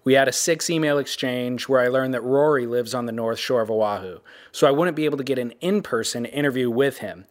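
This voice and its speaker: A man's voice: mid-range voice, a little fast. A man narrating a documentary. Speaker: interviewer and narrator.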